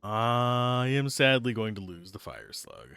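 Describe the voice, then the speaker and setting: A man's voice: medium pitch, big pitch swings, a little slow, creaky, bright, forceful tone, clear, resonant tone, dry recording, clean studio sound. A man chatting casually and joking while playing a video game with a friend. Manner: playful, joking. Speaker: gamer co-playing a let's play. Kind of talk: casual chat over gameplay.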